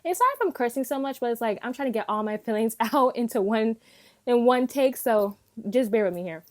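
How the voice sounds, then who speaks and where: A woman reviewing an anime in a casual, unscripted rant, animated and emphatic, swearing often and acting out her reactions in quick bursts. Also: a little high.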